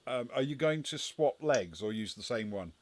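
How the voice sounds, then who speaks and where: A man's voice: medium pitch, expressive, normal speed. A man acting as game master, narrating a tabletop game in a hesitant way with many restarts.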